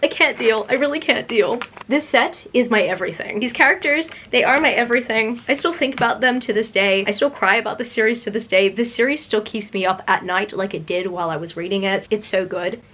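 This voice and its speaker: A woman showing off her book haul in a casual vlog, gushing and excitable, her voice jumping up high whenever she gets thrilled. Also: brisk, hardly any pauses. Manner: gushing, excitable, pitch leaps up when thrilled. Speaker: book vlogger.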